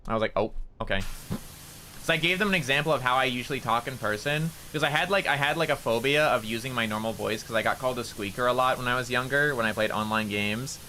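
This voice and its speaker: A man's voice: mid-range voice, fast talker, bright, forceful tone, slight background noise. A young man streaming a game, chatting casually and rambling, with a nasal tone. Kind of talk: casual gameplay commentary.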